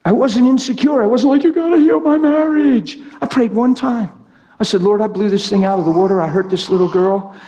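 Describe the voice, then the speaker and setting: A man preaches in a high, ringing voice. He tells a personal story with spontaneous emphasis, jumping into acted-out quotes from people in the story. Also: fairly even intonation, fairly quick, dark tone. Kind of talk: sermon with personal testimony.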